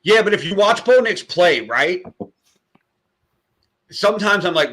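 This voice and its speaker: An American man with an Upper Midwest accent co-hosting a sports podcast. His voice is bright and a little high for a man, and he talks bluntly, swearing freely as he tells stories and vents. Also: lively intonation, measured pace, husky. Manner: blunt, heavy swearing, storytelling. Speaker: podcast co-host. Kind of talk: casual sports chat.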